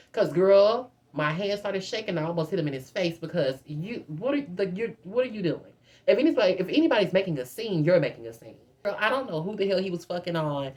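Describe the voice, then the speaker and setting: A young woman vlogger telling a dramatic, profane storytime straight to her viewers. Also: fairly low pitch. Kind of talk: casual storytime.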